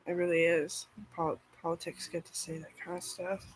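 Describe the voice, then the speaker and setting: A woman's voice: fairly low pitch, flat delivery, normal speed, slight background noise, rough recording. A woman vlogger chatting casually and rambling, swearing freely and filling her talk with "like". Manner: rambling, profane, frequent "like".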